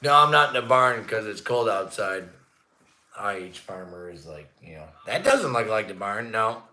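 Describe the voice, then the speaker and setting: A man's voice: fairly low pitch, very animated, moderate pace. Profane ranting man on a livestream. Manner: profane, swings between grumbling and shouting. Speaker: livestream host. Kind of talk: ranting casual livestream chat. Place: indoor room at home, not the barn. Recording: echoey room.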